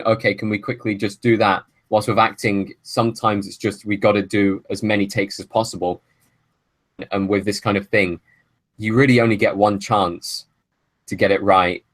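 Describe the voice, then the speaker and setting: A man's voice: fairly low pitch, no room sound. A man hosting a film podcast, making long opinionated arguments in casual chat. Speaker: podcast host.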